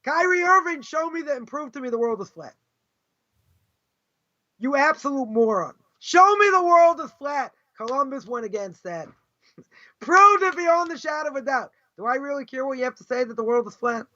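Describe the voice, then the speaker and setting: High-pitched, emphatic male rabbi lecturing. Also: lively intonation, normal speed, pushed and bright, dull audio. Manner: emphatic, scornful rhetorical questions. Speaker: rabbi teaching a class. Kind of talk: live Torah lecture.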